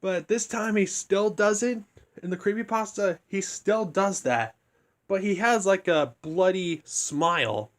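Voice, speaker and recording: A young man with a somewhat high-pitched voice rambles through a casual story recap. He keeps his voice hushed so he won't wake anyone. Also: a little slow. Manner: rambling, hushed to keep from waking others. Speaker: reviewer.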